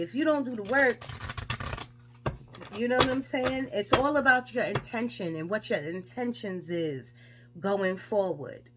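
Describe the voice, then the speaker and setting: A woman gives a casual tarot reading. She talks in a chatty, emphatic way and fires off rhetorical questions. Her voice sits at an ordinary middle pitch. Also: unhurried, noisy background. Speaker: tarot reader.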